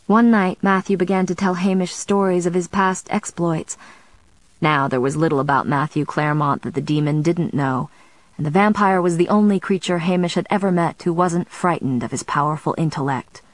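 A woman narrating a novel in a measured, steady storytelling manner. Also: lowish voice, dry recording, poor audio. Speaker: audiobook narrator. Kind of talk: scripted narration.

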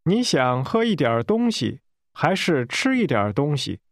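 A man modeling phrases in a language course drill with careful, deliberate pronunciation. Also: on the high side, big pitch swings, no echo, clean studio sound.

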